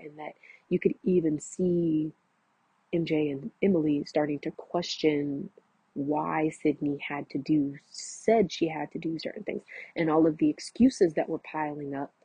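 A woman's voice: low-pitched, slightly rough, no room sound. A young woman vlogging, telling a long story casually and animatedly acting out what others said. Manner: animated, acts out quoted voices, many fillers. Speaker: vlogger recounting roommate conflict. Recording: muffled lo-fi audio.

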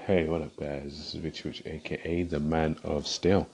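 A man's voice: a bass voice, level tone, moderate pace, gravelly, noisy background. A man hosting his own vlog, greeting viewers with a hyped, upbeat manner. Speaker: vlogger. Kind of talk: casual vlog intro.

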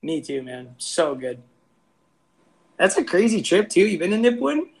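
A man's voice: sits high, very animated, normal speed, vocal fry, a little mellow, low-quality recording. A laid-back man, chatting casually as a brewery owner on a video call. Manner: laid-back, says "man" often, laughs easily. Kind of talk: casual interview chat.

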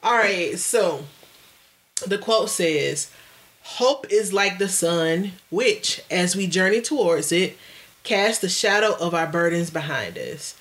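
A woman co-hosting a casual podcast, chatting in a playful, animated way and laughing often. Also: lowish voice, slow pace. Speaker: podcast co-host. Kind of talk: casual chat.

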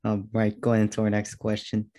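A man's voice: fairly low pitch, monotone, normal speed, dark tone. A man hosting a podcast, asking brief, polite questions. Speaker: podcast host. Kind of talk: interview questions.

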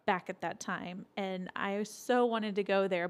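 A chatty woman co-hosting a travel talk show. She explains places in a relaxed, conversational way. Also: medium pitch, normal speed, hardly any pauses. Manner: chatty, laughs easily, explains facts. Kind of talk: casual travel chat.

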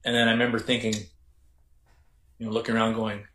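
Canadian man, reflective, low voice in roomy echo. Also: little pitch movement, sharp tone. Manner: reflective, halting with many restarts. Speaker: podcast guest, former correctional officer. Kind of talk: casual storytelling interview.

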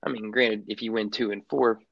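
A man co-hosting a sports podcast in casual chat, rambling with lots of halting restarts. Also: lowish voice, level tone, vocal fry, no echo. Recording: dull, muffled lo-fi sound.

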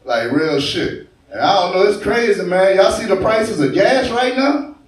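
Profane young New Orleans comic, echoey bar. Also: male voice, sits high, expressive, normal speed. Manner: profane, swaggering, crude. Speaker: stand-up comedian. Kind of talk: live stand-up set. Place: bar stage. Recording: echoey live bar recording, distant mic.

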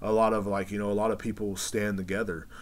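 A man's voice: on the low side, little pitch movement, fast talker. A man hosting a podcast, telling rambling, profane stories in a casual monologue full of fillers. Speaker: podcast host.

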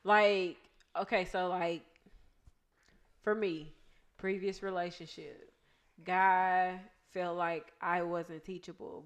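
Frank, lower-voiced woman chatting. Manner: frank, direct, laughs easily. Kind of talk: casual chat.

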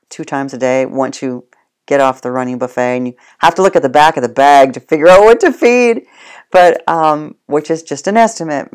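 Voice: medium pitch, darkish tone, clean tone. A dog trainer giving casual spoken instruction, plain-spoken and addressing the listener directly.

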